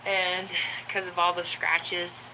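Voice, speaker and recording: Slow-talking woman chatting about her pets. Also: level tone. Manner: rambling, with many ums and laughs; high baby talk to her pets. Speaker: vlogger. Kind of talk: casual chat to camera. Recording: home recording with clear background noise.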